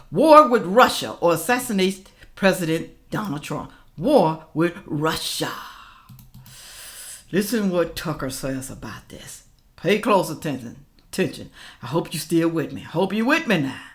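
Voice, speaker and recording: A woman hosting a reaction video, chatting casually to her viewers, repeating her points and calling them y'all. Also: mid-range voice. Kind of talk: casual commentary reacting to news.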